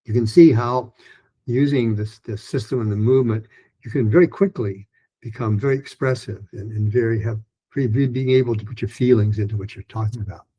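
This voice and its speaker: A husky-voiced man teaches pronunciation at a brisk clip, chatty and constantly restarting or using fillers. Every so often he jumps into animated, higher drills of practice sentences.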